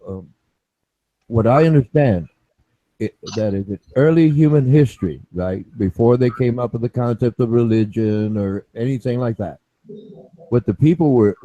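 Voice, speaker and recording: A man's voice: lowish voice, normal speed, warm tone, no echo, highs cut off. A man explaining his view at length in a group chat, lecturing and repeating himself, checking in with "okay?" and "right?".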